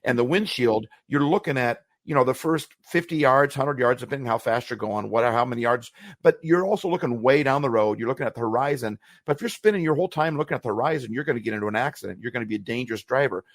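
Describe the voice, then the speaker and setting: A podcast co-host with a mid-range voice talks quickly, earnestly and reflectively on a motivational show, repeating phrases as he searches for words. The recording is dry and studio quality.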